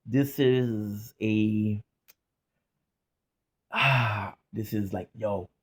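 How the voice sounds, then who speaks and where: A man's voice: lowish voice, very slow, husky. A man hosting a reaction video, giving casual, candid, profane commentary with lots of restarts and fillers.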